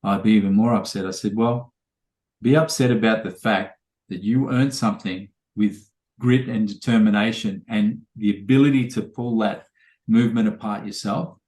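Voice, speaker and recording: Man, lowish voice, casual rambling storyteller, echoey room. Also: fairly even intonation, moderate pace, a little mellow. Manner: casual, rambling anecdotes with quoted dialogue. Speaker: trainer. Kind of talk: storytelling in a podcast interview.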